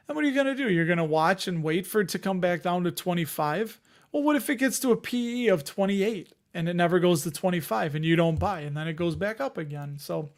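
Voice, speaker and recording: A man hosting an investing live stream, chatting casually and rambling as he answers viewers' comments. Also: high-pitched. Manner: rambling, conversational, reads chat comments aloud.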